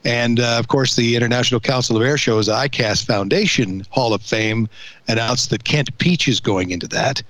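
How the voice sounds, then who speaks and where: A man's voice: medium pitch, moderate pace, fairly bright tone, no room sound. A man co-hosting a casual chat show, joking and rambling with restarts. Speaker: air show podcast co-host. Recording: dry close mic.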